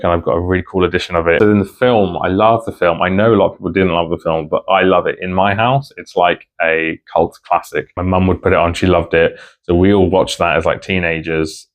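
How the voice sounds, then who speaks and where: A man's voice: low voice, steady tone, a little fast. A man vlogging about books in a rambling, heartfelt casual chat to camera. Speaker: book vlogger.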